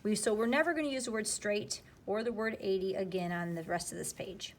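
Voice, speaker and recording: A woman teacher slowly and patiently walking students through a spelling worksheet, step by step. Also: medium pitch, a little hiss or hum. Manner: slow, patient, explaining step by step. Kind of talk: spelling lesson walkthrough.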